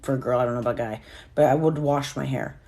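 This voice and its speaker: A woman's voice: rumbling low, quick pace, mellow. A woman hosting a casual live stream, talking candidly and swearing freely as she reacts to viewer comments.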